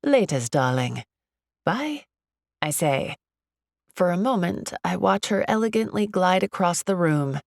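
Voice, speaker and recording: Female narrator for a first-person romance audiobook, low and gravelly, close dry studio sound, expressive and chatty. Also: normal speed, dry recording. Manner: expressive, chatty, lively inner monologue.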